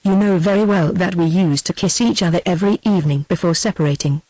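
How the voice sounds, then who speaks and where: British computer lady reading as a young guy in love, plain even tone, dry sound. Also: fairly low pitch, quick pace, dry recording, close to an everyday voice, poor audio. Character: earnest young man, her lover.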